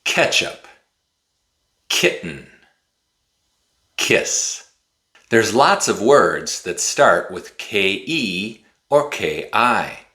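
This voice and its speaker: A man teaching English pronunciation, articulating each word slowly and carefully. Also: on the low side, lively intonation, fairly bright tone, roomy sound. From United States. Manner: slow, carefully articulated, demonstrative. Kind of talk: slow, clear pronunciation lesson.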